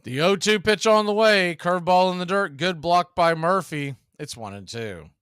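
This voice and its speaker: A man calling live baseball play-by-play, steady and measured as he calls each pitch and count, with an occasional dry quip. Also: clean tone, no room sound. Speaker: play-by-play announcer.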